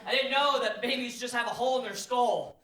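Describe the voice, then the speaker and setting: A man doing a loud, profane stand-up comedy set, telling brash stories. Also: very high voice, a little fast. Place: live comedy venue. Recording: echoey live room from far off. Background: audience laughter.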